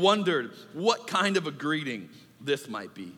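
A man preaching a sermon as pastor in a church, in an animated, conversational way with acted asides. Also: fairly high pitch, moderate pace. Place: church sanctuary. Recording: church hall reverb.

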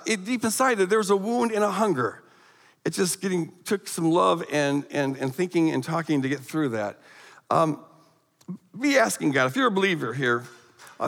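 A middle-aged man giving a guest sermon, telling a personal story with animated, emphatic rises and frequent stammered restarts. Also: sits high, vocal fry. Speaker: guest speaker. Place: church sanctuary. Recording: long hall reverb.

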